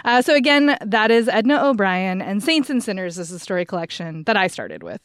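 A woman's voice: medium pitch, big pitch swings, a little fast, smooth, dry recording, studio quality. A woman co-hosting a book podcast, recommending novels in a rambling, enthusiastic way. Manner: rambling, enthusiastic, restarts sentences. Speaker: podcast co-host. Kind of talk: casual book chat.

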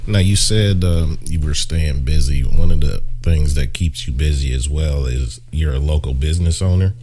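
A man A podcast co-host with a very deep, warm voice who moves the talk along with brief, direct questions. There is a thin layer of noise in the background. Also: moderate pace. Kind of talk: casual interview.

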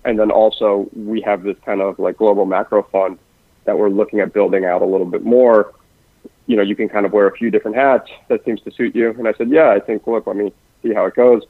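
A man who works in investments at a family office, talking quickly and densely in a podcast conversation, with frequent restarts. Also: fairly low pitch, level tone, no echo. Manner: rapid-fire, dense talker with many restarts. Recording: dry, phone-like lo-fi sound.

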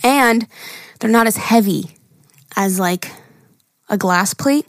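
A woman's voice: mid-range voice, slow pace, no room sound, clean studio sound. A young woman co-hosting a podcast, talking casually with lots of laughs and eager detail. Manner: chatty, giggly, enthusiastic. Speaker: podcast co-host. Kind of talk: casual chat.

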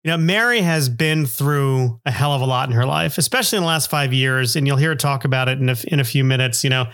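A man's voice: medium pitch, fast, a bit bright. A middle-aged man hosting a podcast, narrating casually in a rambling, self-deprecating way with many fillers. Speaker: podcast host.

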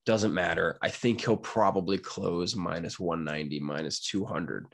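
A man's voice: sits low, normal speed, vocal fry. A young man, brash and jokey, giving casual betting picks as a podcast producer. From Pennsylvania, USA. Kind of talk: casual monologue.

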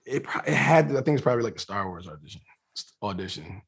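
A man's voice: lowish voice, sing-song, fast, creaky, husky. A man being interviewed as an actor, chatting casually and rambling with many restarts and fillers.

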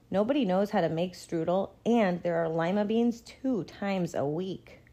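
Woman storybook reader, mellow and gentle, even pacing. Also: on the low side. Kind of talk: picture-book read-aloud.

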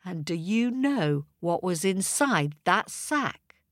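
A woman telling a children's story, her voice lively and full of swoops. She speaks very slowly and deliberately, in a dry, close recording. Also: on the low side, no echo. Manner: animated, slow and expressive.

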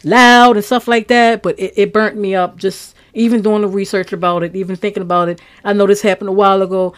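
A woman's voice: medium pitch, fairly even intonation, brisk, smooth. A woman from Maryland hosting a true crime podcast, talking in a blunt, outspoken, casual way.

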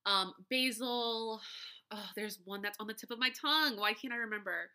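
Young woman podcast host, very bright tone, casual rambling chat with frequent laughs and filler words. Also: on the high side, moderate pace, clean tone. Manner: chatty, laughing often, full of fillers like "like" and "you know".

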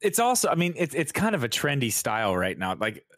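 A man hosting a podcast in casual chat, asking questions in a relaxed, easygoing way. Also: medium pitch, brisk, dry recording, studio quality.

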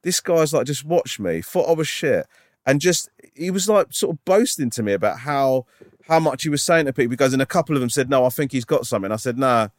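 A man, a stand-up comedian and podcast co-host, telling an animated story in casual chat with lots of "like" and "right?". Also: mid-range voice, fairly quick, no echo, studio quality. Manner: animated, full of fillers like "like" and "right?".

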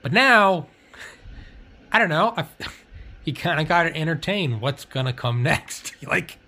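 A man's voice: fairly high pitch, sing-song, measured pace, pushed and bright, slight background noise. A young man hosting a podcast in casual chat, rambling and swearing, laughing often. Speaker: podcast host.

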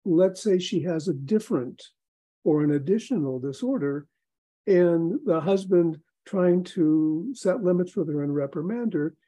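Brief: male guest expert, husky dark voice, storytelling with lively emphasis. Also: fairly high pitch, rough recording. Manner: explanatory, storytelling, animated emphasis. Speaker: guest expert, rabbi and psychologist. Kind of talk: podcast interview.

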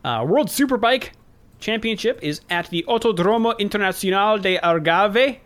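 Male podcast co-host, a bit high-pitched, casual, stumbles over foreign names. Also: normal speed, a bit bright. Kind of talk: casual chat, reading race listings.

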